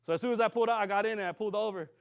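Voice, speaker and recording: A man preaching to a congregation. He tells a story with lively, acted-out dialogue and keeps checking in with his listeners. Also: sits high, racing, clear, resonant tone. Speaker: minister. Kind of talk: sermon storytelling.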